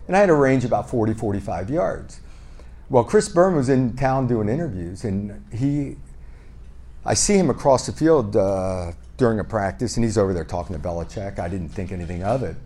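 A man's voice: lowish voice, moderate pace. A man guesting on a podcast, telling stories casually and playfully. He pokes fun at himself and acts out both sides of the conversations he describes. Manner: lively, re-enacts dialogue with "I go, he goes"; self-deprecating and playful. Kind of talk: casual anecdotal storytelling.

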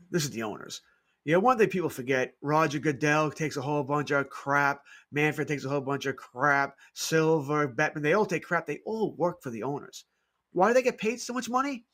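Male sports radio co-host, slightly high voice, emphatic and opinionated. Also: fairly bright tone. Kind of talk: casual sports radio talk.

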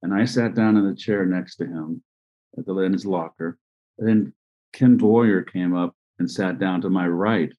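An older man in his sixties, telling rambling stories in a fairly low voice. The recording sounds dull and lo-fi, and he often trails off and restarts mid-sentence. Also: steady tone, mellow. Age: 60s. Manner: rambling, anecdotal, frequent restarts and pauses. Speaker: interview guest, former baseball player and manager. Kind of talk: conversational storytelling.

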